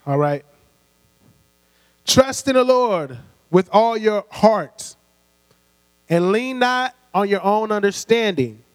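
High-voiced preacher in a reverberant hall. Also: male voice, animated, slow pace, long pauses. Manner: call-and-response, prompting the congregation; conversational, laughs between points. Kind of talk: sermon. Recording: long hall reverb with mains hum.

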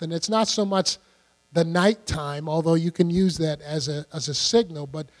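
Older male preacher in a reverberant hall. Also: high voice. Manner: conversational, asks the congregation questions. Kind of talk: sermon. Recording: long hall reverb with mains hum.

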